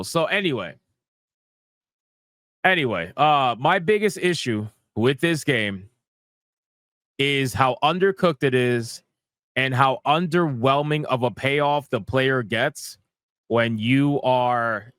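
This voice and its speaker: A man's voice: medium pitch, fairly bright tone, dry recording. A man giving casual, profane gaming commentary, ranting in exasperation and repeating himself.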